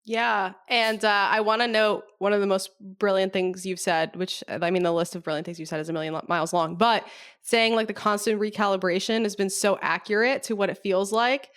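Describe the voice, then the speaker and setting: A woman's voice: medium pitch, steady tone, a little fast, fairly bright tone, clear, resonant tone. Casual woman coach, heavy filler words. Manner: casual, frequent "like" fillers, occasional swearing. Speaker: business coach, podcast guest. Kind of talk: casual conversational interview.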